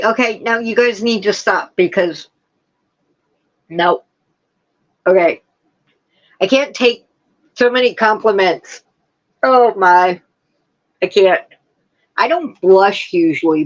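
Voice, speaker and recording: A woman's voice: mid-range voice, dull audio. A woman hosting a casual livestream, chatting and answering her viewers' comments one by one. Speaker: livestream host. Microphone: streaming setup with laptop.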